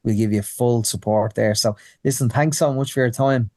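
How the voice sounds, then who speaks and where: A man co-hosting a podcast, enthusiastic and quick to exclaim and laugh. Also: medium pitch, darkish tone, no echo. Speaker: podcast co-host. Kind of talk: casual podcast chat.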